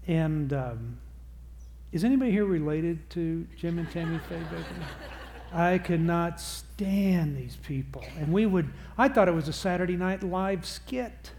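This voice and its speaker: Before a live audience in what sounds like a church or seminar hall, a middle-aged man delivers a talk on parenting. His voice sits on the high side and is a little mellow, and he's conversational and self-deprecating, acting out the quotes he shares.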